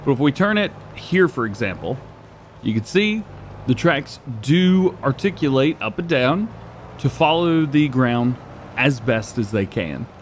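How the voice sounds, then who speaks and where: Animated, chatty gaming host man. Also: mid-range voice, measured pace, a little hiss or hum. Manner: animated, chatty, laughs often. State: losing his voice. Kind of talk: gameplay commentary.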